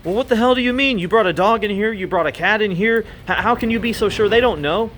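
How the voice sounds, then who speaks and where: A man's voice: fairly high pitch, lively intonation, brisk, a bit bright, slight background noise. A man voicing a distraught grown man who pleads and protests over his dead duck. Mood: indignant. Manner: pleading, indignant.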